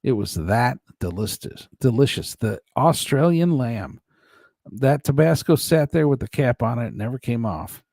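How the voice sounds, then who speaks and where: A very animated livestream host with a medium-pitched, darkish voice and vocal fry talks a little slowly while reading chat. He rambles, jokes and laughs a lot, and the studio sound is clean with no echo.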